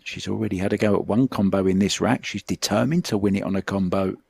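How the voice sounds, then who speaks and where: A middle-aged man commentating on a pool final. His voice is very low and gravelly, with a husky edge. He talks in a chatty, reminiscing way, and the sound is dry and close. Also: steady tone, fast, a little mellow, dry recording. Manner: chatty, reminiscing between shots.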